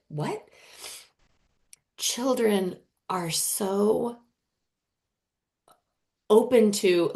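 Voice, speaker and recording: Earnest woman sharing a personal story. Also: on the low side. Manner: earnest, animated, often voices others in quotes. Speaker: podcast guest.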